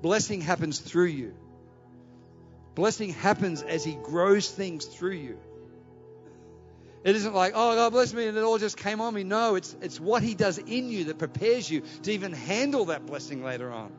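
A man preaching a sermon, telling a story in an animated way before building to an exhortation. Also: sits high, moderate pace, soft background music. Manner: animated, anecdotal, rising to exhortation. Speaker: pastor. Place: large church hall. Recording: dull, echoey hall recording.

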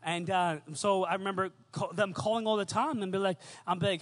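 A man's voice: high-pitched, fast talker, fairly bright tone. A young man preaching a sermon, telling stories and building points through emphatic repetition.

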